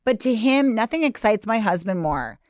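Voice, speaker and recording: A woman's voice: on the high side, very animated, normal speed, no echo, studio quality. A middle-aged woman comedian in casual podcast chat, telling self-mocking stories and acting out her husband's lines. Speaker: stand-up comedian guest.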